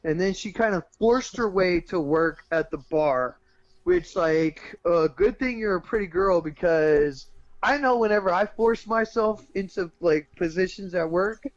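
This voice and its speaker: A high-voiced man tells a movie plot to his podcast co-host in a loose, profane, animated way, laughing as he goes. His voice is fairly high for a man. The sound is dry and dull, like a lo-fi mic with no room in it. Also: measured pace, no room sound. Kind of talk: casual chat.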